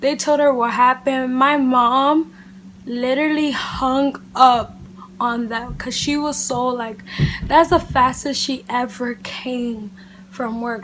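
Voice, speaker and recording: A woman with a high, bright-sounding voice recounts a personal story in a casual, chatty vlog. Her delivery is animated and loose, full of "like" and "literally". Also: a little hiss or hum. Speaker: beauty vlogger. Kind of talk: casual storytime chat to camera.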